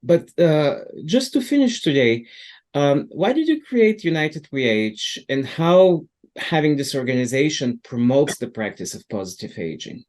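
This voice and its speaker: A man's voice: on the high side, big pitch swings, unhurried, darkish tone. A man interviewing a guest, asking questions with many fillers and small hesitations.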